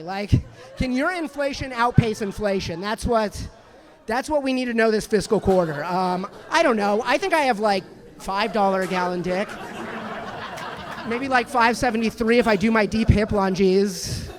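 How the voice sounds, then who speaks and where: A high-voiced man in his thirties does a rambling stand-up routine in a comedy club. He jokes at his own expense and keeps restarting and filling gaps with filler words.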